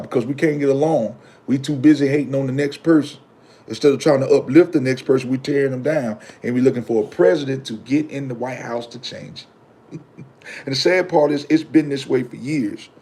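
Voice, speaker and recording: Mellow-voiced man preaching to viewers. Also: mid-range voice. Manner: emphatic and repetitive, preaching; casual slang, talks back to commenters. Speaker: vlogger. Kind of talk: casual preachy monologue to viewers.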